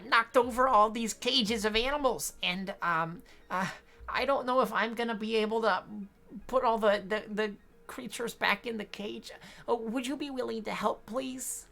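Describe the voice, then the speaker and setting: A man voicing a cute, timid male servant who pleads for help, using a nasal, high and slightly guttural voice. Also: vocal fry, bright, forceful tone, heavily acted. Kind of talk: game master demonstrating a character voice.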